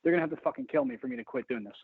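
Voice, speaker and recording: A man's voice: mid-range voice, racing, slightly rough, dry recording. A man talking as a podcast guest in casual chat, intense and self-deprecating, swearing often. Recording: tinny phone-like line.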